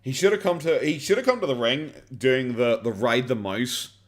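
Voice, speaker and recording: A man's voice: mid-range voice, animated, normal speed, over loud music. An Irish man chatting casually on a live stream while reacting to videos. He rambles, swears and laughs often, and keeps his voice down. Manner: kept quiet, not loud.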